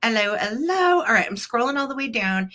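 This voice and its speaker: Brief: woman host, higher pitched, bright tone, chatty, greets each viewer in turn on a home live stream. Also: very animated, brisk. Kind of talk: casual live-stream chat. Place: upstairs at home.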